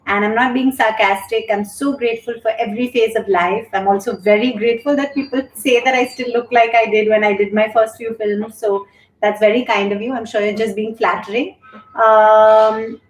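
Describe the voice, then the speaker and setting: A woman's voice: on the high side, fairly even intonation, fairly quick, faint music behind. A middle-aged woman hosting a live stream, chatting candidly and thanking viewers as she reads their comments aloud. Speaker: show host and yoga instructor. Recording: echoey room.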